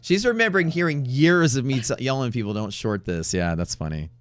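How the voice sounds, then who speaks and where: A man's voice: medium pitch, lively intonation, brisk. Laid-back joking man on a livestream. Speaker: day-trading streamer host. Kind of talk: casual livestream chat.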